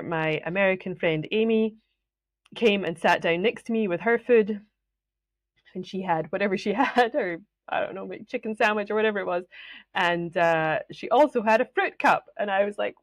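A woman's voice: lowish voice, moderate pace, no echo. A woman with a Scottish accent hosting a solo podcast, telling stories in a chatty way and often laughing. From Scotland. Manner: chatty, laughs often, acts out quoted voices. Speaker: podcast host.

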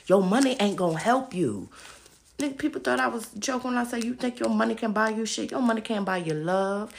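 A woman podcast host ranting casually to her listeners, loud and emphatic, swearing constantly and calling them y'all, talking into a phone as she walks around her house. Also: on the high side, a little fast, vocal fry, slight background noise. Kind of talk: casual profane rant to listeners. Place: at home, walking around the house.

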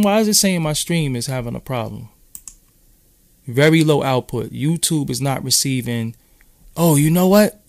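A man's voice: mid-range voice, creaky, no echo, clean studio sound. A man from Brooklyn with a New York accent, rambling in casual, profane street talk as he hosts a live-stream chat. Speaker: podcast host.

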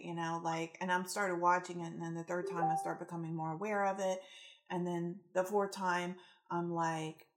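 A woman giving a casual spiritual-coaching talk, animated and rambling, acting out the quotes in her stories. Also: on the low side, moderate pace.

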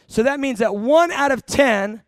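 A man preaching a sermon, emphatic, slowing down to stress phrases, then rushing through asides, asking the congregation questions. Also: very high-pitched, no room sound, studio quality. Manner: emphatic, shifting between slow stressed phrases and rapid asides.

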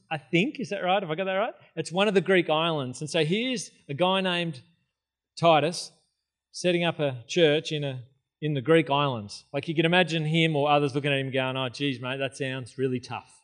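A man's voice: a little high, moderate pace. A man preaching a sermon in a church, casual and joking, with conversational asides. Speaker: pastor. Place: church hall.

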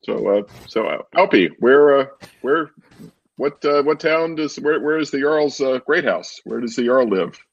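A man's voice: mid-range voice, lively intonation, a little slow, no room sound. A man playing a tabletop game, talking with stammering restarts. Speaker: tabletop player. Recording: dry, muffled lo-fi mic.

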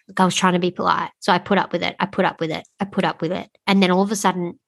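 A woman's voice: fairly low pitch, very fast, gravelly. Chatty woman co-hosting a podcast. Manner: animated, swears freely, acts out what others said. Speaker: podcast co-host. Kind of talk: casual podcast chat.

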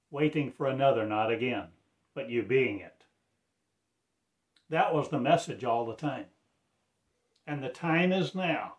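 Man, self-appointed preacher, very slow delivery, rambling pleading sermon. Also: mid-range voice. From Arkansas, USA. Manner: slow, pleading, loosely strung phrases. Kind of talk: rambling religious address.

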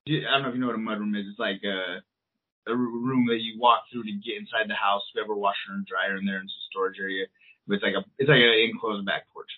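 A man's voice: lowish voice, fairly even intonation, quick pace, breathy edge. A man in his thirties co-hosting a podcast, telling a long story in a loose, rambling way with plenty of swearing and filler words. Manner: rambling, profane, lots of fillers. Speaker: podcast co-host. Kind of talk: casual storytelling chat. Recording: tinny, phone-like sound.

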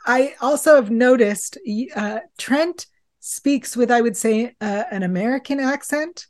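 A woman hosting a podcast, asking interview questions in a measured, unhurried way. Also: on the high side, a little mellow. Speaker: podcast host.

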